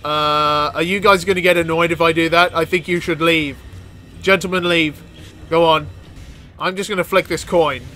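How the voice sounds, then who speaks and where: A man giving excitable let's-play commentary as a gaming YouTuber, yelping, cackling and chattering at the game. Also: a little high, moderate pace, faint music behind.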